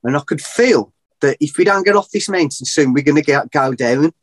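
Animated rambling man, slightly high voice. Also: moderate pace. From England. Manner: animated, rambling, laughs at his own story. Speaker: podcast guest. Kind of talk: casual storytelling.

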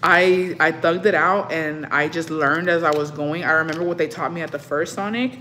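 A woman's voice: low voice, normal speed, a little hiss or hum. A young woman in casual chat, telling stories with plenty of swearing and slipping between English and Spanish, acting out what people said. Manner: profane storytelling, slips between English and Spanish; animated, acts out what people said.

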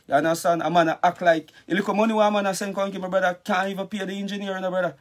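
A man's voice: sits high, little pitch movement, very fast. A Jamaican man, a dancehall artist, ranting angrily in a vlog, cursing and calling the listener brother over and over. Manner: angry, cursing, repetitive address of the listener. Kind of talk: heated vlog rant.

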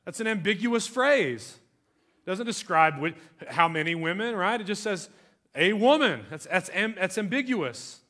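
A man preaching a sermon as pastor, talking conversationally and swinging between soft asides and emphatic lines. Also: high voice, expressive, moderate pace.

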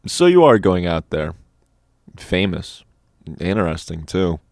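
A man's voice: sits low, big pitch swings, measured pace, gravelly, darkish tone, dry recording, studio quality, full character voice. A man reading an eccentric little old doctor in an audiobook, quizzical and matter-of-fact. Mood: calm.

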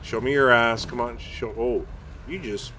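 A man streams a tank game from his home basement, chatting casually with viewers and cursing or mocking himself whenever things go wrong. His mid-range voice is pushed and bright, a little slow, with a slight hiss or hum in the audio. He's a chatty gaming streamer who blurts things out mid-play.

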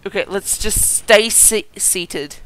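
A gaming video host giving excited let's-play commentary, chatty with viewers, giggling and yelping at surprises. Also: medium pitch, takes it slowly, clean tone, poor audio. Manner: chatty, talks straight to viewers.

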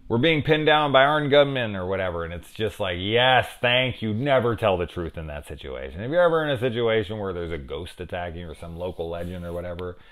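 Deep-voiced rambling middle-aged man. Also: animated, brisk, few pauses, fairly bright tone. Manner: rambling, profane, chatty asides. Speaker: horror film reviewer. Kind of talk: casual spoken film review.

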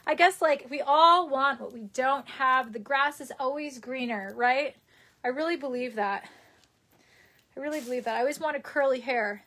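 A woman's voice: high voice, moderate pace, pushed and bright. A young woman with a New York accent, rambling chattily while she chats on a livestream and reads out comments. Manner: rambling and chatty, with many fillers and laughs. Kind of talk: casual livestream chat reading comments.

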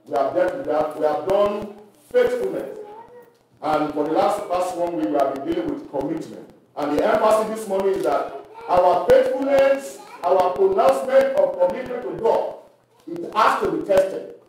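High-voiced man preaching in an echoey hall. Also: normal speed, a little mellow, slight background noise. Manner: preacherly, asks the audience questions and reads scripture aloud. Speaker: church leader teaching workers. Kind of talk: Bible teaching at a leadership meeting. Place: church hall. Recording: echoey hall recorded from far off.

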